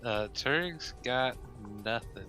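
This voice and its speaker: A man playing a tabletop game, speaking quietly and hesitantly. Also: mid-range voice, lively intonation, takes it slowly, faint music behind. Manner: quiet, hesitant, many fillers. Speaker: player. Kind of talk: casual chat during a game.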